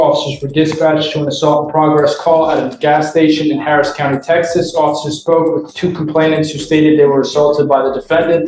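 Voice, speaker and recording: A woman's voice: deep voice, dark tone, reverberant, poor audio. A woman prosecutor reading a police report aloud in a matter-of-fact way at a courtroom hearing.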